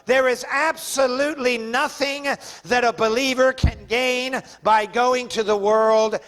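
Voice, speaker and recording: A man's voice: extremely high pitch, steady tone, a little slow, fairly bright tone, faint music behind. A male pastor preaching a sermon in a fervent, emphatic way.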